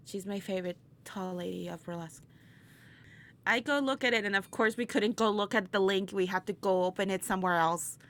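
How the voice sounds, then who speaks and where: A woman guest in a casual interview, telling a story in an animated way, laughing often and acting out what people said. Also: mid-range voice, fairly quick. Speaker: interview guest, burlesque performer.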